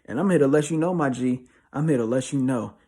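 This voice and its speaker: Young male motivational speaker, husky voice, street slang, hammers points with repetition. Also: mid-range voice, quick pace, dark tone. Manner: slangy, emphatic, repeats himself. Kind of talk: motivational monologue.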